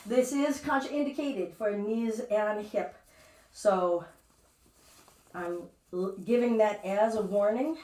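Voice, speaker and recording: A woman's voice: mid-range voice, a little mellow. A woman teaching a live yoga class, chatty and playful as she talks through her own movements. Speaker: yoga instructor. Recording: echoey room, distant mic.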